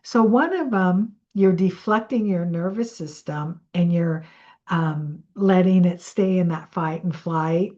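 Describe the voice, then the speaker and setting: A woman's voice: lowish voice, slow pace, mellow, dull audio. A woman coach talking casually and rambling a little, correcting herself as she teaches and leads a breathing exercise. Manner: chatty and rambling, with self-corrections. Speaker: money mindset coach.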